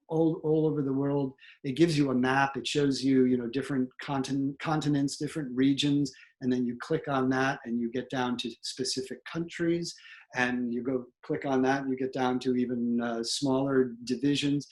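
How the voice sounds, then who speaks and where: A man's voice: medium pitch, fairly even intonation, normal speed. A middle-aged man, a theatre professor, giving a talk to acting students with frequent ums and repeated words. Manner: explanatory, with fillers and repeated words. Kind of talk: instructional talk.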